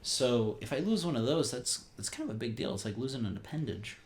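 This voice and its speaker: A man's voice: mid-range voice, sing-song, brisk. A man co-hosting a podcast, joking around with crude banter in casual chat. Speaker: podcast co-host.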